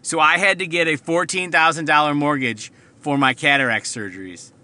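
A sharp, very bright-toned man in his thirties who rants through a personal story on his podcast. He swears freely, jumps around, and swings from muttered asides to loud, incredulous outbursts. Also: fairly high pitch, normal speed. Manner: profane, heated, jumps around. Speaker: podcast host. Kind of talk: solo storytelling rant.

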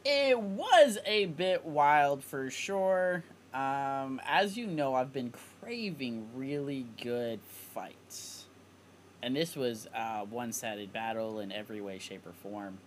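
A man co-hosting a review podcast in casual chat, reacting quickly and restarting his sentences. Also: mid-range voice, a little hiss or hum. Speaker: podcast co-host.

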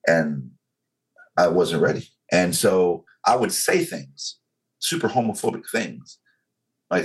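Very deep-voiced Southern man. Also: animated, rough recording. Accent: Southern US, North Carolina. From North Carolina. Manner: slow and controlled, casual and frank. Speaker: guest. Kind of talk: candid interview storytelling.

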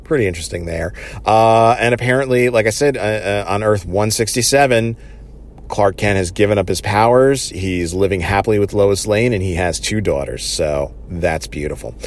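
A man's voice: lowish voice, normal speed. A man casually recapping a TV episode, enthusiastic and rambling, with many fillers.

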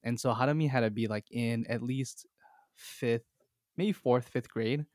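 A man's voice: mid-range voice, unhurried, darkish tone, no room sound, clean studio sound. Young man telling a story, laughing. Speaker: podcast host. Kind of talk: casual chat, storytelling. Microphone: call recording.

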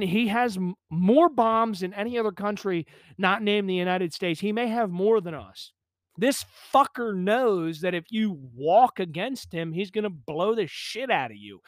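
Swearing nonstop, a high-pitched man rants furiously through a solo podcast he hosts from a small pump house. His podcast microphone gives studio-quality audio without any echo.

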